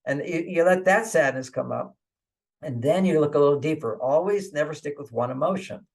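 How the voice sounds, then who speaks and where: A guest author on an interview show, this man has a brisk, somewhat high voice. He gives relationship advice conversationally, chuckles often, and drives his points home with repeated "okay"s while acting out inner voices in quotes.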